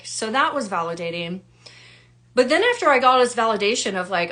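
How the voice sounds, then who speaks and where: A woman telling her own story the way a wellness coach would. She is casual and animated, and her voice jumps sharply whenever she acts out what someone said. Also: normal speed. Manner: animated, acts out quoted people with big pitch jumps. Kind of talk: personal storytelling to camera.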